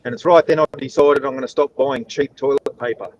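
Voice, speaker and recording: A man's voice: medium pitch, steady tone, a little fast, muffled recording, noisy background. A man, telling jokes in a dry storytelling way during a casual livestream chat. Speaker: joke teller on a livestream chat.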